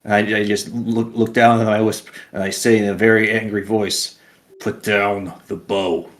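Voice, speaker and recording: A man with a low voice plays in a casual tabletop game. He talks eagerly, tripping over his words and restarting as he plans his moves. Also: level tone, brisk. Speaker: player.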